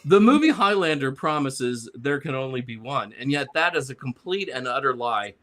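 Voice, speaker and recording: A man's voice: medium pitch, expressive, moderate pace, a bit bright. A man on a discussion panel reading his prepared comic review aloud in a sarcastic, grumbling way.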